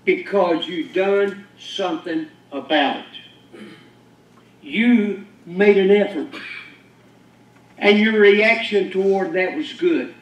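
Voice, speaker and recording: In a muffled, distant recording from an echoey church, a high-voiced pastor delivers a sermon slowly with frequent pauses. He drives his points home to the congregation with emphatic declarations and rhetorical questions.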